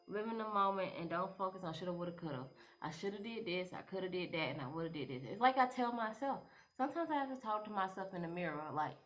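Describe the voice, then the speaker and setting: A woman's voice: fairly low pitch, fairly bright tone. A young woman, giving advice to camera in a rambling, casual vlog style full of "you know" fillers. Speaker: vlogger.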